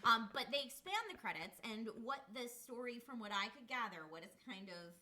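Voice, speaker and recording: A woman's voice: fairly high pitch, normal speed, crowd noise. A woman co-hosting a casual TV episode review, walking through book lore with frequent "um"s and restarts. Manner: explains lore with many fillers. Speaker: co-host of a TV review show.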